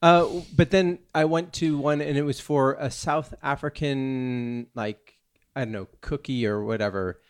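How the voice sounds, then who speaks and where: A man's voice: mid-range voice, fairly even intonation, unhurried, smooth. A man in casual chat, telling a rambling story full of restarts and self-interruptions. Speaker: actor and podcast co-host.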